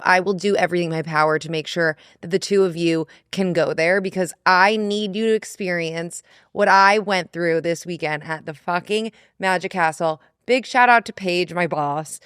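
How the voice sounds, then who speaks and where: A woman's voice: fairly low pitch, a bit bright, clear, resonant tone, no room sound, clean studio sound. A woman co-hosting a podcast, chatting casually in an earnest, emphatic way. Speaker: podcast co-host and editor. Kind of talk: casual chat.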